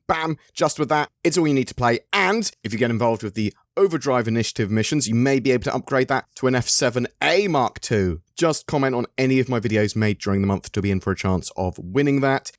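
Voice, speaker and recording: A man's voice: mid-range voice, no room sound, studio quality. An English man hosting a casual game update video, chatty and upbeat, asking viewers questions with the odd um. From England. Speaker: gaming news YouTuber.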